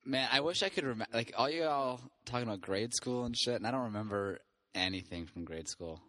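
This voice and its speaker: A man on a podcast recalling his old band in relaxed, rambling casual chat. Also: medium pitch, brisk, no echo. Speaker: podcast host, former band musician.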